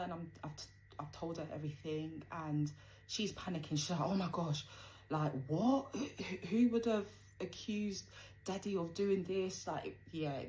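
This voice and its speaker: A woman's voice: low-pitched, a little mellow, slight background noise, rough recording. A woman telling a personal story in a casual, conversational way, full of fillers. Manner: conversational, frequent fillers, acts out quoted dialogue.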